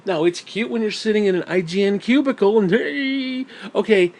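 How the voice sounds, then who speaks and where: Angry gamer guy with a higher-pitched voice, profane ranting monologue, recorded at home. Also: moderate pace. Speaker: gaming YouTuber. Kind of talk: angry gaming rant.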